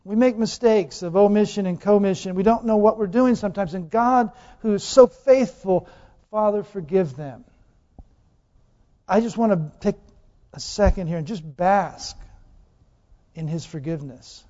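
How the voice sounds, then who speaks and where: A male pastor delivers a sermon in a high, soft-edged voice, questioning his congregation and hammering points through repetition. His words ring out with a long reverb through a large church hall. The recording is muffled and lo-fi. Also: moderate pace. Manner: asks the congregation questions, repeats phrases for emphasis.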